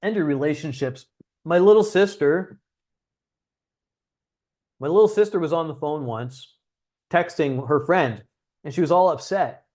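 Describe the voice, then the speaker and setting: A man's voice: a little high, a little slow, pauses often, a little mellow. A young man hosting a livestream, talking casually and bluntly as a dating coach, with frequent swearing. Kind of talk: livestream talk.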